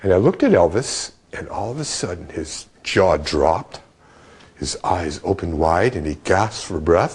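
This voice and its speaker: Husky man telling a lively story. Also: low-pitched, measured pace. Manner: vivid, animated storytelling. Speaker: interviewee. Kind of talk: storytelling interview.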